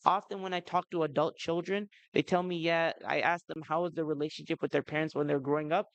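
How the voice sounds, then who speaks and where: With a slightly high, gravelly voice and a steady tone, a man in his thirties talks fast to parents at a community event, sprinkling in plenty of "you know" and "right?" asides as a family-seminar speaker. The audio is dull, with no room sound.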